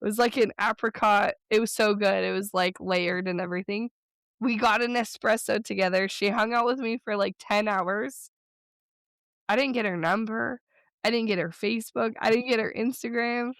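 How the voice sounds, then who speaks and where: A woman co-hosting a podcast in casual chat, telling stories in a chatty, rambling way with quick bursts. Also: medium pitch, fairly even intonation, vocal fry, a bit bright, clean tone, dry recording, studio quality. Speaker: podcast co-host.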